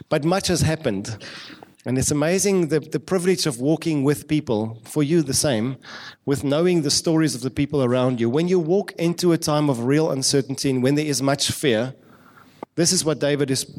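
A man's voice: on the high side, a little mellow. Earnest Afrikaans-accented male pastor preaching. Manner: earnest preaching with frequent restarts, slowing to stress key words. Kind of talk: sermon. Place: church before a congregation.

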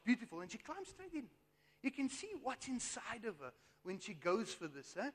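A man's voice: high voice, very animated, moderate pace. A man preaching a sermon with emphatic rhetorical asides, his voice straining. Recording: long hall reverb.

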